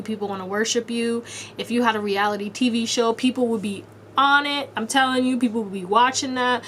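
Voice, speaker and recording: A tarot reader does a casual pick-a-card reading, speaking directly to the viewer in second person with slangy bluntness and plenty of swearing. Her voice is on the high side, with a little hiss or hum in the audio.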